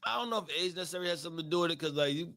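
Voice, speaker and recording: A man's voice: a little high, rapid-fire, sharp tone. A man hosting a casual livestream talk show, loose and slangy, half-singing his intro. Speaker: host.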